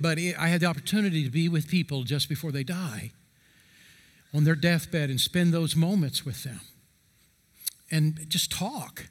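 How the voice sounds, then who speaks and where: A middle-aged male pastor delivers a sermon in an earnest, emphatic way, slowing down to press each key phrase. His voice sits high for a man. The sound rings with the long reverb of a church hall. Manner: earnest, emphatic preaching with slow stressed phrases.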